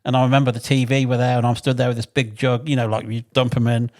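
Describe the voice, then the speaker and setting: An English man spins rough-edged stories from the pits at a middle pitch. He talks in a loose, chatty way, swears freely and slips into quoted shouts as he goes. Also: flat delivery, quick pace. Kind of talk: casual storytelling chat.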